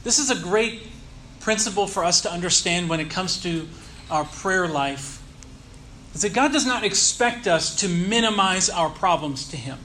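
A man preaching a sermon, teaching earnestly and leaning slowly on key words. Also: high-pitched, expressive, pushed and bright, slight background noise. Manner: earnest teaching tone with slow emphatic stresses. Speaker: pastor.

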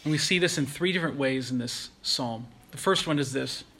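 A man preaching a sermon in an earnest, measured way, slowing down and pausing to stress key phrases. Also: medium pitch, pushed and bright, slight background noise. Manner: earnest, measured preaching with slow emphatic pauses. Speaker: pastor.

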